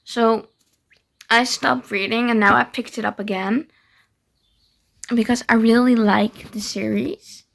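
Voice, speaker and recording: Slow-talking young woman, gravelly voice. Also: a little high. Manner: gushing, animated, giggly. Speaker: book vlogger. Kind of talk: casual reading vlog.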